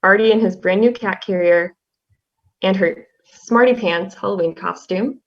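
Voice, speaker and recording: A young woman, a class representative, reading a tribute poem in a soft-spoken, halting way with fillers. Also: mid-range voice. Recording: slightly dull lo-fi audio.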